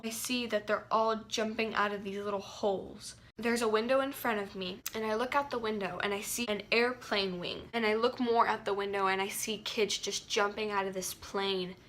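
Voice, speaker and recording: A teenage girl tells a dream story to her viewers in a casual storytime vlog. Her voice is bright, and she talks in an animated, breathless rush. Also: mid-range voice, a little hiss or hum. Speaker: vlogger.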